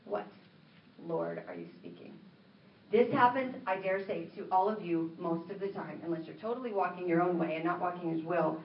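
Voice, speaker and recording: A woman minister preaching a sermon, telling a story in an animated way and acting out the dialogue. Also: fairly low pitch, brisk, few pauses, slight background noise. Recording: roomy, distant, dull sound.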